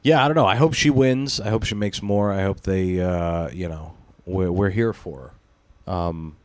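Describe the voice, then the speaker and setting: A man's voice: deep voice, moderate pace, dry recording. A man hosting a podcast in loose, profane banter, rambling and laughing often between thoughts. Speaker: podcast host. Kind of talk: casual chat.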